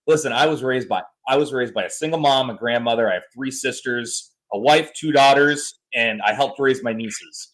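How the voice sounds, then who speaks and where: In a low-quality recording, a thirty-something podcast co-host speaks at a normal speed with hardly any pauses, his pitch medium. He's an animated storyteller, loose and exaggerated in casual conversation.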